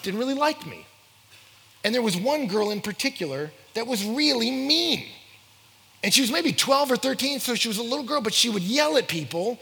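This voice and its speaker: A man preaching a sermon, telling stories and acting out dialogue in an animated way. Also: extremely high pitch, creaky, breathy edge. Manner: animated, acts out dialogue in voices. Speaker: pastor. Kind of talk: sermon with storytelling. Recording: long hall reverb.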